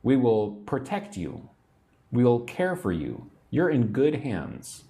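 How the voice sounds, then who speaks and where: An American man giving a livestream English lesson, repeating phrases clearly and greeting viewers by name. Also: mid-range voice, huge pitch swings, takes it slowly, mellow. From United States. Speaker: English teacher.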